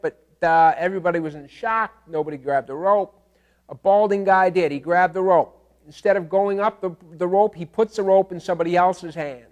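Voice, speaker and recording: Male instructor, light high voice, relaxed classroom lecture, animated storyteller who keeps asking "all right?". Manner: animated storytelling, acts out screams and animal calls; casual, checks in with "okay?" and "all right?". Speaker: teacher.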